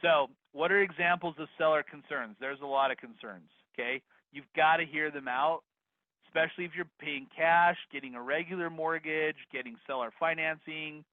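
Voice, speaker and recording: A man's voice: a little high, normal speed, no room sound. Upbeat man teaching over a video call. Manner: energetic, upbeat, addresses attendees directly. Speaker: real estate investing instructor. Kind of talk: live online course teaching. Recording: dry phone-like video call audio.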